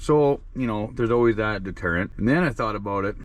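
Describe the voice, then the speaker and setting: A man hosting a casual road-trip vlog, talking in a profane, rowdy, excitable way into a handheld phone in his truck and outdoors. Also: on the low side, brisk, faint music behind. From Canada. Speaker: vlog host.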